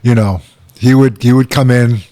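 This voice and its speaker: A man in his sixties, a guest at a bar, chatting casually and telling animated stories. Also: medium pitch, moderate pace. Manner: animated storyteller, acts out quotes. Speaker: guest, former head coach.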